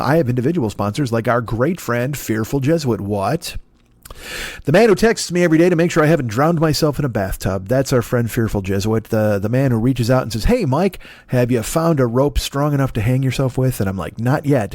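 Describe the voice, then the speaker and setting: A man's voice: mid-range voice, darkish tone, no echo. Male comedy podcast host, solo monologue, sardonic and profane; dry, close sound.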